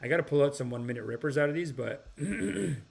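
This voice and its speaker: Fast and lively in intonation, this podcast host's voice is a little high, creaky, and husky. He reads comments from viewers, rambling, sighing, restarting, and slipping into impressions.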